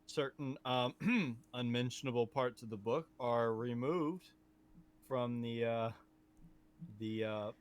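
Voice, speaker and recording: A man co-hosting a podcast, talking casually about a movie in a rambling, animated way that often trails off and restarts. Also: medium pitch, slow. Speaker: podcast co-host.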